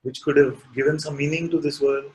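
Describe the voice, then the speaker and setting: A man as spiritual teacher, speaking calmly in a satsang dialogue and asking probing questions. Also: fairly high pitch, poor audio. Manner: calm, unhurried, asks probing questions.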